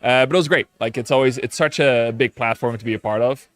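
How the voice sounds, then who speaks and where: A man with an ordinary mid-range voice talks about his work in a casual interview. He sounds relaxed, teasing now and then. He leans on fillers as he goes. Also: medium pitch, fast talker. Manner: relaxed, joking, with frequent fillers. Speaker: game publisher guest.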